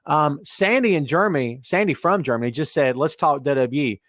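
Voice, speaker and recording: A man hosting a casual wrestling podcast, talking in an animated way and reading listener comments aloud. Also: a little high, a little fast, no echo. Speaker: podcast host.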